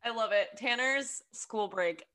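A young woman co-hosting a podcast, chatty and quick to laugh, with lots of fillers. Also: on the high side, pushed and bright. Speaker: podcast co-host. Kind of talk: casual chat.

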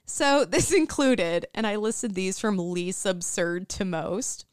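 A young adult woman hosting a podcast, telling a story in casual chat, animated, swearing freely and often breaking into laughter. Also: medium pitch, slow pace, smooth, no room sound, clean studio sound.

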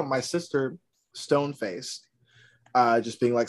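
A man's voice: mid-range voice, slow pace. A young man from Georgia telling a comedic story as a podcast guest, acting out the people in it. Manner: animated, acts out the people in his story.

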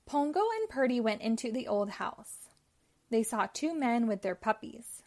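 A woman with a fairly high voice reads a children's storybook aloud, clear and expressive, her melody rising and falling in a lively, animated way at an unhurried pace.

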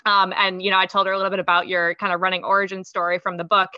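A woman's voice: lowish voice, little pitch movement, rapid-fire, dry recording, highs cut off. A woman hosting a podcast interview, chatty and casual, with frequent ums and restarts. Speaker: podcast host.

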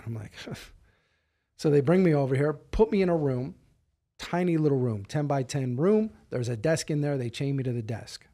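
A middle-aged man, a podcast guest, telling a story in a casual, animated way and acting out the dialogue. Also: fairly high pitch, moderate pace.

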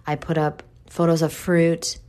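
A woman's voice: low voice, little pitch movement, measured pace, darkish tone. A woman with a New York accent giving a candid, blunt monologue to her listeners, swearing freely and calling them boo.

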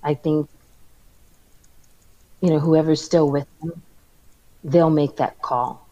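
A woman speaking as a guest on a casual talk show, measured and careful to be tactful. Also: low voice, fairly even intonation, warm tone, highs cut off. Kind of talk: casual call-in chat.

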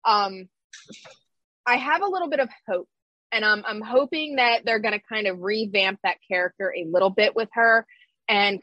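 A woman's voice: mid-range voice, fairly bright tone, dry recording, dull audio. A woman co-hosting a casual podcast chat, blunt and ranting, laughing often. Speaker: podcast co-host.

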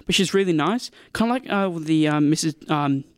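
A young man with an English accent mixed with Australian, telling anecdotes fast and eagerly, with lots of fillers. His voice sits high and bright for a man. The sound is close and dry, with no room echo. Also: expressive, smooth. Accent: English, softened by years in Australia. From England. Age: young adult. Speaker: guest, university student. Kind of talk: casual storytelling interview.

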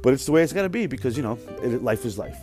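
A man's voice: medium pitch, big pitch swings, racing, a little mellow, soft background music. A man in his thirties hosting a podcast, telling a profane, exasperated story about his work. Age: 30s. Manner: profane, exasperated, mimics other people's voices. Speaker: podcast host. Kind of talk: casual storytelling rant.

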